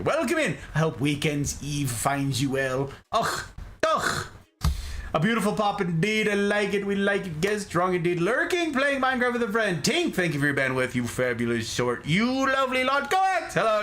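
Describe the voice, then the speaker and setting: Male streamer host, bright and sharp tone, playful chat with viewers. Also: on the high side. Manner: playful, animated, greets viewers by name. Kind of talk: casual chat reading live chat.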